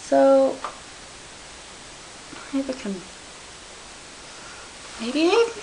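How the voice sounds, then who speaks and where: A woman tells a comedy story straight to camera in a slightly high voice. She rambles, breaks off mid-thought and giggles as she trips over her own tale. A faint hiss sits under the recording. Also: sing-song, extremely slow, dark tone, poor audio. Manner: rambling, self-interrupting, giggly. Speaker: vlogger.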